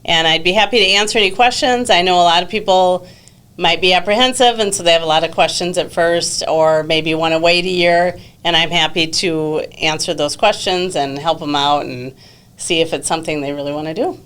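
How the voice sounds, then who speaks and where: A woman's voice: on the low side, a little fast, clear, resonant tone. Woman guest talking easy and chatty on a podcast, lots of ums. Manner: relaxed, chatty, many fillers. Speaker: exchange student coordinator. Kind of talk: casual podcast interview.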